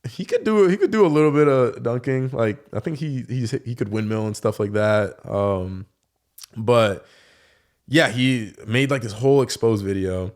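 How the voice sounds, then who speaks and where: A man's voice: mid-range voice, normal speed. Young man telling stories casually. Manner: relaxed storytelling, many fillers like "like". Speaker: guest, professional dunker. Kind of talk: casual podcast conversation.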